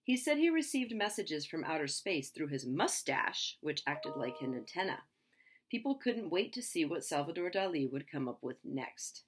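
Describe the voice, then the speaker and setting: A woman reading a children's picture book aloud in a lively, expressive way. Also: low-pitched, moderate pace, breathy edge. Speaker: reader.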